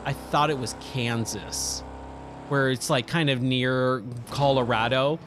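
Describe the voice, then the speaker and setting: A man's voice: medium pitch, fairly even intonation, measured pace, background noise. A man in his thirties, a gaming streamer, casually telling a rambling story full of fillers and self-corrections. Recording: loud racing game sounds underneath.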